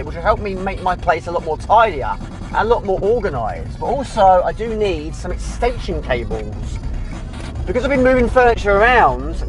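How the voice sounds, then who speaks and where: Lively, chatty vlogger over music. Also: medium pitch, low-quality recording. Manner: chatty, rambling, enthusiastic. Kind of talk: casual vlog chat.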